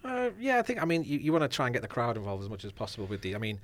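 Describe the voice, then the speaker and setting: A man's voice: medium pitch, huge pitch swings, very fast, no echo. A man co-hosting a casual podcast, cheeky, blunt and joking. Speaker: podcast co-host.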